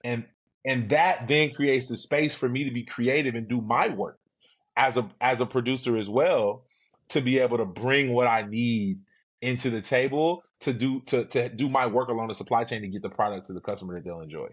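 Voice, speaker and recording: A man co-hosting a podcast in casual chat, quick and enthusiastic. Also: mid-range voice, husky, low-quality recording. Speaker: podcast co-host.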